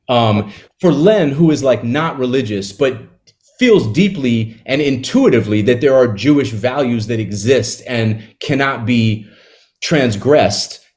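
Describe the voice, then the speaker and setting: A man in an interview, talking casually about a book he wrote, retelling its scenes with quick asides. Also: mid-range voice, darkish tone. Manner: conversational, retells scenes with quick acted quotes and laughs. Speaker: author discussing his novel.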